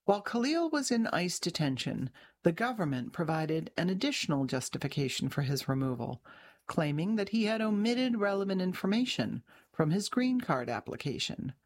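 Woman narrating an article in a lowish voice. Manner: measured, even reading with occasional restarts. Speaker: journalist reading her own article. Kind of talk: scripted narration.

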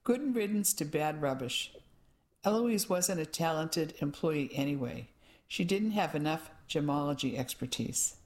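A woman's voice: sits low, animated, a little slow, darkish tone. A woman doing a blunt, gossipy shop owner. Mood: dismissive.

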